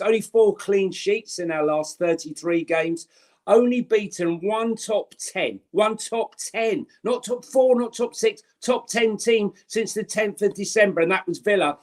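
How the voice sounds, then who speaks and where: A blunt, exasperated man co-hosts a casual fan podcast. His voice sits a touch high for a man, and he hammers his points home. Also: a little slow, darkish tone. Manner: blunt and exasperated, ranting through stats. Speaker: podcast co-host.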